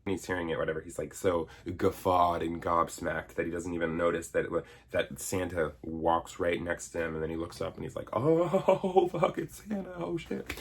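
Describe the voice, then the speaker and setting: A man's voice: sits low, monotone, brisk, few pauses, a bit bright, slight background noise. A man in his thirties giving a sarcastic, exasperated comedic movie review rant, swearing and mimicking characters. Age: 30s. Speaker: video essayist.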